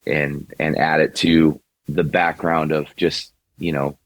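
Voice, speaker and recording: A man with a very deep, low voice talks casually as an interview guest. He rambles, restarting his sentences and leaning on fillers. The sound is dry and close, with no room around it. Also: level tone, slow, dry recording. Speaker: singer and songwriter, guest.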